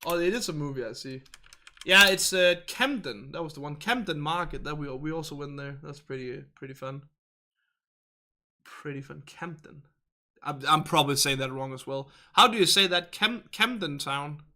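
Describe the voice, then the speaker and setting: Bright Danish-accented man chatting on stream. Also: a little high, moderate pace. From Denmark. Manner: chatty, rambling, restarts and asks how to say words. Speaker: livestream host. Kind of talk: casual chat reading viewer comments.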